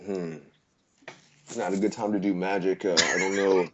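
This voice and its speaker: Low guy, hesitant tabletop player, dull muffled mic. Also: steady tone, moderate pace, slight background noise. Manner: hesitant, stop-start. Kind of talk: casual tabletop play.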